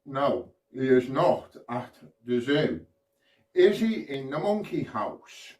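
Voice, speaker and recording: A man's voice: medium pitch, very animated, slow, darkish tone, reverberant, distant mic, poor audio. A man from the UK performing a playful children's magic routine, prompting the audience to join in.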